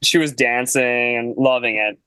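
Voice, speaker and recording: A man's voice: mid-range voice, steady tone, normal speed, pushed and bright, clear, resonant tone, dry recording, low-quality recording. A young man, a guest musician, telling a casual story in a laid-back way, full of "like" and "you know.". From Canada.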